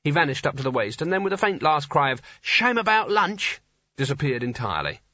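Husky male storyteller, bright and dry. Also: mid-range voice, sing-song, quick pace, no echo. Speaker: audiobook narrator. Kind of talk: scripted narration. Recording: slightly dull lo-fi recording.

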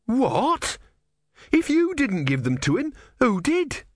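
Man playing a shrill indignant monk, high strained voice, wide swings, dry. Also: huge pitch swings, slow, no echo, heavily acted. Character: outraged devout young male monk. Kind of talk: audiobook character voice.

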